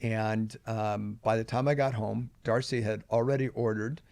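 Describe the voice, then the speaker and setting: Older guy, gravelly low voice, earnest story on a podcast, dry close mic. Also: fairly even intonation, moderate pace, darkish tone, no room sound. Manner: earnest, emphatic at key moments. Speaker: podcast guest. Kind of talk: personal storytelling in an interview.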